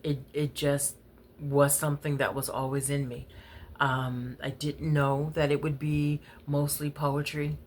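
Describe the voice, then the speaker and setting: A woman who is a writer and poet, telling candid personal stories in a casual, unhurried way with many fillers and laughs. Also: low-pitched, flat delivery, a little mellow, slight background noise. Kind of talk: casual storytelling vlog.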